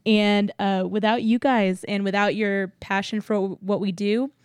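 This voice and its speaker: A woman's voice: medium pitch, steady tone, unhurried, clean tone, no echo. A young woman co-hosting a podcast in casual chat, giggly, upbeat and enthusiastic. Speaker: podcast co-host.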